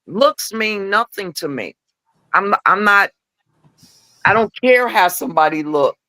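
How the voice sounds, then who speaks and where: A middle-aged woman telling candid personal stories as a podcast guest. She acts out the dialogue in her stories with lively voices. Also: medium pitch, a little slow, no echo. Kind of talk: candid storytelling chat.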